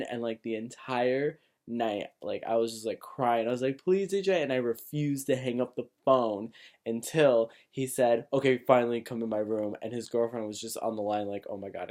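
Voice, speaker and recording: A young man casually telling a personal story to camera, animated, laughing often and full of filler words. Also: mid-range voice. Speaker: vlogger.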